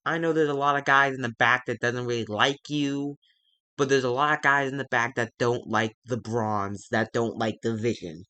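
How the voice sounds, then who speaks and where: Guy doing a tired wrestling boss, kinda low and halting. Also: steady tone, pushed and bright, natural voice. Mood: businesslike. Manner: halting, stammering. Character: weary male wrestling show boss, sighing. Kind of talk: casual voice acting while narrating a game.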